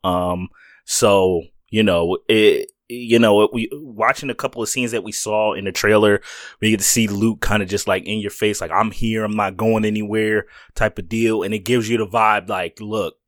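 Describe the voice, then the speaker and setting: Easygoing low-voiced podcast co-host. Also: male voice, steady tone, moderate pace, no room sound, studio quality. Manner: easygoing, agreeable, hesitant fillers. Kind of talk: casual chat about TV shows.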